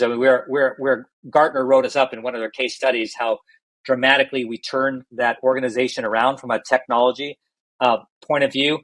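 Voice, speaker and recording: A man's voice: mid-range voice, a bit bright, poor audio. A middle-aged man, a healthcare executive, candidly telling stories in a podcast interview and often restarting his phrases.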